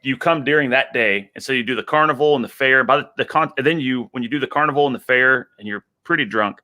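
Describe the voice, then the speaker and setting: A man's voice: medium pitch, fast talker, sharp tone. Enthusiastic Texan man on a headset. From Texas. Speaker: guest. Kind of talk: casual chat.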